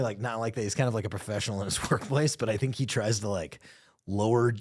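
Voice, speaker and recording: A man's voice: mid-range voice, quick pace, husky. A man co-hosting a podcast, telling stories in casual chat, swearing a lot, laughing, and doing impressions. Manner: profane, laughing storyteller with lively impressions. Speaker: podcast co-host.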